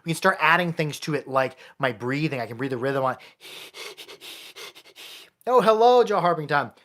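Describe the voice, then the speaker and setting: Against background noise, a jaw harp maker and player talks through a live-streamed lesson at a quick pace. His mid-range voice stays casual and chatty, and he often starts his sentences over.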